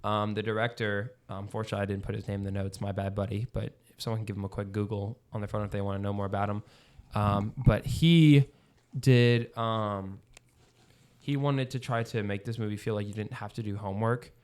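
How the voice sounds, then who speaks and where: Low-voiced man rambling on a podcast. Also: fairly even intonation, a little fast, darkish tone, clear, resonant tone. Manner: rambling, lots of fillers and restarts. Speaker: podcast co-host. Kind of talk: casual chat.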